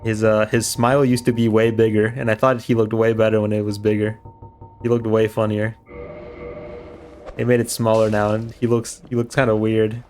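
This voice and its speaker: A man's voice: on the low side, little pitch movement, normal speed, a little mellow, faint music behind. A man streaming a game, giving rambling, chatty commentary and swearing casually.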